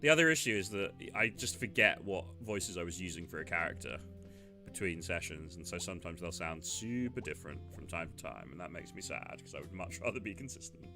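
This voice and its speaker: A man's voice: deep voice, lively intonation, a little fast, over music. A man chatting wryly and self-deprecatingly while playing a game. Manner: wry, self-deprecating, laughs often. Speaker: game player.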